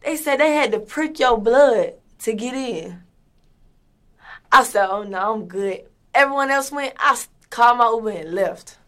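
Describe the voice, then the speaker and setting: A woman's voice: on the high side, animated, a little slow, fairly bright tone. A woman from Atlanta, telling a story in a blunt, profane, emphatic way.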